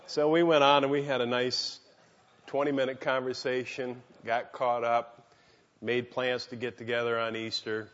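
A man's voice: mid-range voice, little pitch movement, moderate pace, a bit bright, big-room sound. A man speaking at a men's gathering, giving a devotional talk told through folksy anecdotes, on a dull lo-fi recording.

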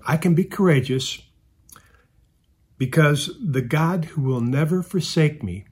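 A man preaching a sermon as pastor, reading scripture aloud and explaining it in an earnest, measured way with occasional fillers. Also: mid-range voice, a little mellow, slightly rough.

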